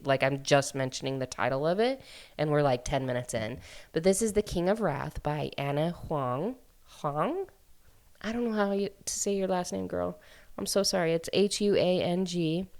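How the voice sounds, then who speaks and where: A woman hosting a book podcast, chatting casually and enthusiastically about a romance novel, full of "like" fillers and quick asides. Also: deep voice. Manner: chatty, filler-heavy, animated storytelling. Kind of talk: casual book review chat.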